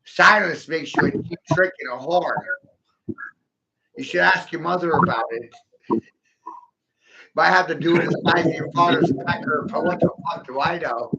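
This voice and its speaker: A man delivering an aggressive, mocking, profane solo rant with a gravelly voice. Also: fairly high pitch, moderate pace, long pauses. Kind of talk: solo taunting rant to camera. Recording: muffled lo-fi audio with steady background noise.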